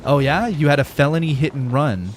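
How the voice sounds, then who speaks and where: A man's voice: a little high, brisk, background noise. A young man streaming a game live, chatting with viewers in a profane, emphatic, ranting way. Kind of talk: casual gaming livestream chat.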